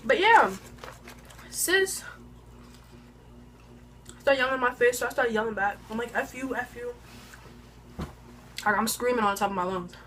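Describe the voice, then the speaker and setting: A woman of twenty-one telling a casual storytime on her own channel, animated and slang-heavy, eating while she talks into a phone camera. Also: on the high side, normal speed, pauses often, slight background noise. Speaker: vlogger.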